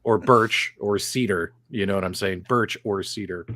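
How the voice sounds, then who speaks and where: A man's voice: lowish voice, moderate pace, fairly bright tone, dry recording, studio quality. A man co-hosting a gaming podcast, hyping and joking around. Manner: hype promo delivery, joking. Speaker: co-host. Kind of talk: casual podcast banter.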